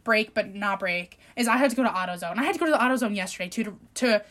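A woman's voice: mid-range voice, very fast. A young woman co-hosting a podcast, telling stories in casual chat and acting out quotes in exaggerated voices. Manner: animated storytelling, acts out quotes in exaggerated voices. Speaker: podcast co-host.

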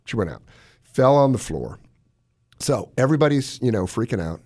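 A man who is a cardiologist, hosting a radio show and telling stories in a casual, animated way. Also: normal speed, no room sound, clean studio sound. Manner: animated storyteller, lively pitch swings.

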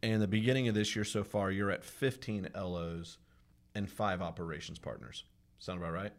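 Upbeat low-voiced male podcast host. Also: fairly even intonation, normal speed. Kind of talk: casual podcast conversation.

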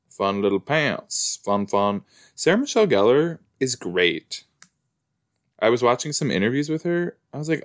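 A man's voice: mid-range voice, sing-song, moderate pace. A man hosting a reaction video, chatting casually and exclaiming and asking questions at the screen as he watches.

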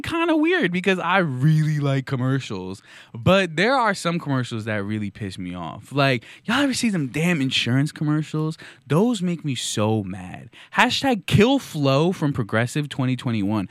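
Animated ranting male podcast host. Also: mid-range voice, dry recording. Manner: mock-outraged, sarcastic, ranting. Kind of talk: comedic monologue rant.

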